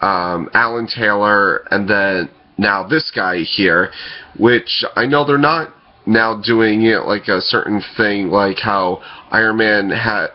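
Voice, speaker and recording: A man hosting casual film news commentary, rambling and hesitant, often pausing on fillers and correcting himself. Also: lowish voice, muffled recording. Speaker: podcast host.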